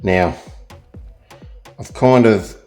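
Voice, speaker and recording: A middle-aged Australian man talks through a painting as he works, in a fairly low voice. His delivery is rambling and chatty, full of little self-deprecating jokes. Soft music plays faintly behind him. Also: very slow. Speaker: art tutor. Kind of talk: real-time painting tutorial.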